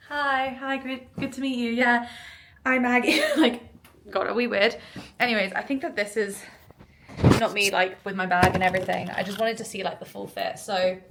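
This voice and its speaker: A woman's voice: medium pitch, vocal fry. Chatty young woman vlogging. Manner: chatty, filler-heavy, trails off softly. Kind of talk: casual vlog chat.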